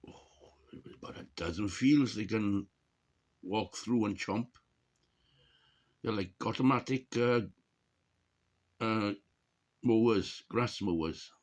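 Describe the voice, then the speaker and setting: A middle-aged man chatting casually to camera in a rambling, jokey way, often clearing his throat. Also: lowish voice, slow pace, pauses often, a little mellow. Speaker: vlogger.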